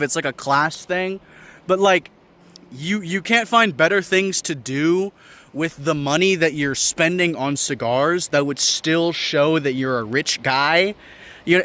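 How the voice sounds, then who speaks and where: A man's voice: on the high side, unhurried. Profane, ranting young man vlogger. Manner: profane, incredulous, animated. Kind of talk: casual comedic rant to camera.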